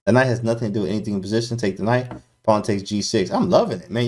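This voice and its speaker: A man streams live chess commentary in a slightly low voice. He is slangy and hyped, and he keeps calling out to his chat. His calls mix playful trash talk with explanations of moves. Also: expressive, racing, darkish tone, breathy edge.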